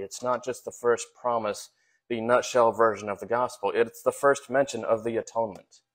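A man preaching a sermon in a conversational way, with frequent fillers, repeated words and rhetorical questions put to his listeners. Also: mid-range voice.

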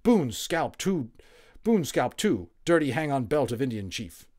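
A man's voice: mid-range voice, very animated, measured pace, a little mellow, voice pushed up. A man voicing a proud, stern little male warrior chief who speaks in short, clipped broken phrases. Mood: urgent, proud.

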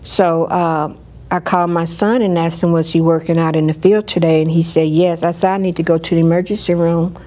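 A woman telling a personal story in an interview, lively, and she acts out what others said. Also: on the low side, brisk. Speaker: storyteller sharing her life.

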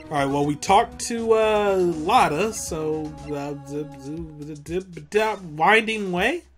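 A woman's voice: fairly low pitch, takes it slowly, few pauses, faint music behind. A woman giving casual, rambling, giggly commentary as a let's play host. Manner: giggly, rambling, self-amused.

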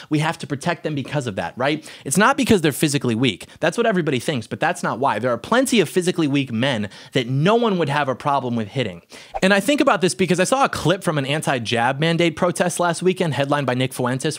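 A young man in his twenties delivering an indignant, sarcastic opinion monologue as a political commentator. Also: fairly high pitch.

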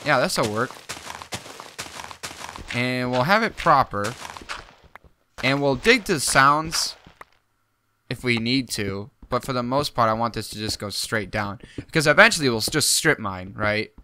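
A young man giving casual gameplay commentary, excitable and jumpy, talking to himself as he plays. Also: medium pitch, a little slow, pauses often, slight background noise. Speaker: gaming YouTuber.

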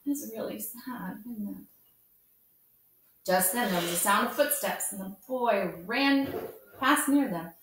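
A woman hosting storytime who reads a children's book aloud in a gentle, expressive way and adds chatty asides. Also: medium pitch, takes it slowly, pauses often, background noise. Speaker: storytime host. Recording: echoey room, far from mic.

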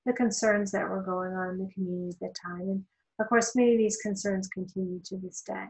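A woman's voice: medium pitch, fairly even intonation, a little fast, low-quality recording. Woman, law instructor, recorded lecture, conversational, fillers and asides.

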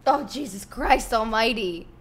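A young woman chatting casually on a live stream from her bedroom, swearing and thanking subscribers while fighting hiccups. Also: fairly high pitch. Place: home bedroom.

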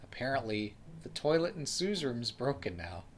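Man as bossy shift leader, gruff, curt, lively delivery. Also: mid-range voice, moderate pace, a little hiss or hum, natural voice. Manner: curt and commanding.

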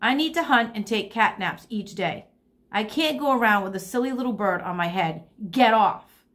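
A woman's voice: medium pitch, expressive, moderate pace, a bit bright, natural voice. Teacher voicing a fed-up grumpy cat guy, insisting, storybook style. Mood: exasperated. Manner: exasperated, insistent. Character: grumpy young male house cat.

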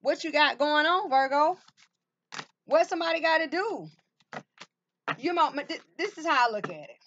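A woman's voice: high voice, expressive, moderate pace, fairly bright tone, lo-fi sound, a little hiss or hum. A woman reading tarot cards for viewers, emphatic and full of rhetorical questions, calling them baby and honey. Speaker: tarot reader. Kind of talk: tarot card reading to camera.

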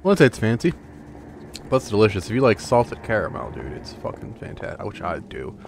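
A man's voice: lowish voice, big pitch swings, fairly quick, vocal fry, a little hiss or hum. A young man streaming a game and chatting casually, rambling and swearing while he jokes. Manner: profane, rambling, joking. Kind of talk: casual gameplay chat.

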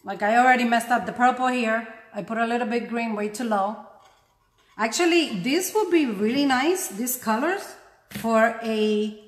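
Demonstrating a painting technique, a craft tutorial host chats casually and pokes fun at herself as she works. She speaks at a normal speed in a fairly high voice with a non-native English accent, English not being her first language. The sound is reverberant.

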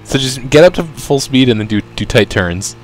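A man's voice: medium pitch, lively intonation, moderate pace, a little hiss or hum. A man co-hosting a game video, laid-back and wry in casual chat.

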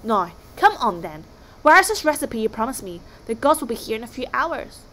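A woman's voice: on the high side, sing-song, a little fast, pushed and bright, slight background noise. A woman voicing a busy, snappish male sea god who cooks for the gods. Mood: pleased. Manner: snappish, fussy.

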